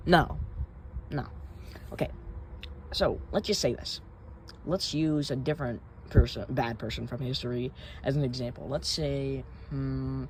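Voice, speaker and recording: A man's voice: mid-range voice, darkish tone, slight background noise. A man hosting a reaction commentary video, ranting in an exasperated, profane and rambling way. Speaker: commentary channel host.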